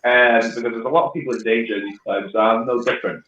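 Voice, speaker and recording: A man hosting a comedy show, telling quick punchline jokes and checking in with "right?" and "yeah?". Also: mid-range voice, fairly even intonation, fairly bright tone, reverberant, muffled recording, a little hiss or hum. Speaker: comedy club host. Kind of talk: stand-up comedy and act introductions.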